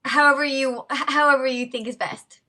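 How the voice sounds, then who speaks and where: A woman hosts a podcast interview with a high, bright voice. She listens attentively and often murmurs encouragement while her guest talks. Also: fairly even intonation, brisk, a little hiss or hum. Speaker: podcast host. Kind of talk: conversational interview.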